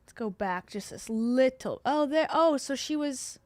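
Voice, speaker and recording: A woman's voice: high-pitched, expressive, measured pace, no echo. A woman streaming live and reacting to a podcast clip, making sarcastic, exasperated asides and chuckling often. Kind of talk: casual livestream reaction commentary.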